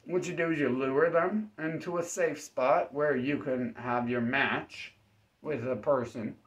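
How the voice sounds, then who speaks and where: A man hosting his own channel, giving a rambling deadpan comedic monologue that sometimes jumps into high-pitched acted-out voices. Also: a little slow. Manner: acts out exchanges with sudden high-pitched voices; laughs at his own dark jokes. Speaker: self-defense channel host. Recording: slightly dull, lo-fi recording.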